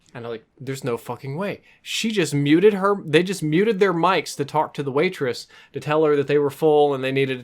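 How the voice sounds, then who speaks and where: A man vlogging, telling a story in a casual, amused and animated way. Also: fairly high pitch. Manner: animated, amused, self-mocking.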